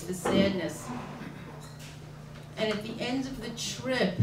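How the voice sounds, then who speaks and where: A woman telling a personal story to an audience in a vivid, animated present-tense way. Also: mid-range voice. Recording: roomy, distant, noisy room.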